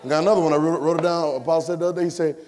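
A man preaching a sermon to a congregation, fervent and colloquial, repeating phrases and swinging between shouts and hushed asides. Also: a little high, fairly even intonation, very fast. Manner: repetitive, colloquial, talks to the congregation.

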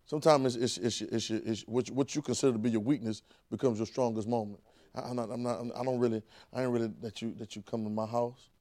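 A man's voice: medium pitch, steady tone, quick pace, darkish tone, no room sound. A man preaching a sermon in a conversational, vernacular way, with frequent restarts and call-and-response with the congregation.

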